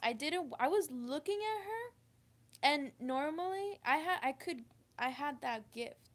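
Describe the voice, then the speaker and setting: A woman telling a personal story to camera, halting and emotional, with many restarts. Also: sits high, animated. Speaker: vlogger. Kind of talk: confessional storytime.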